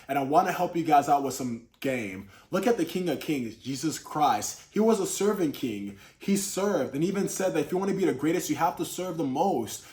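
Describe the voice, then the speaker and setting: A man giving earnest Christian relationship advice to camera, addressing his viewers as brothers in a coaching talk. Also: a little high. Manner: demonstrates tone of voice in examples.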